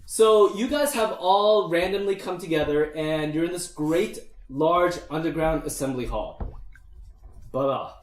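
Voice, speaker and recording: A man narrating as the game master of a tabletop campaign, his voice slightly high for a man. He speaks in a relaxed, chatty way and laughs easily with his players. The room is echoey. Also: measured pace.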